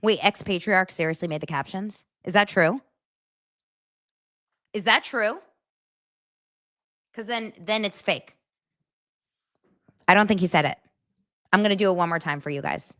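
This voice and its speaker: A woman's voice: medium pitch, measured pace, long pauses, a bit bright, dry recording, studio quality. A woman hosting a celebrity gossip show, chatting casually to her viewers, emphatic and incredulous, often repeating herself. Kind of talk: casual chat to camera.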